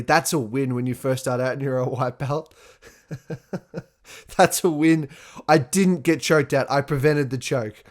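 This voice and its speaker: A male podcast host in a loose, unscripted monologue. He swears freely, laughs often and breaks into acted-out quotes of himself, with an everyday mid-range voice. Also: mid-range voice. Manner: profane, animated storytelling with laughs and acted-out quotes. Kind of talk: casual solo podcast monologue.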